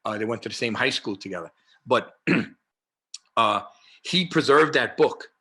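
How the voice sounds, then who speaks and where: Bright-voiced New York man telling stories. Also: medium pitch, unhurried, slightly rough. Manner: rambling, many fillers and restarts, animated anecdotes. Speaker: martial arts historian guest. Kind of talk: casual storytelling interview. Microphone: video call.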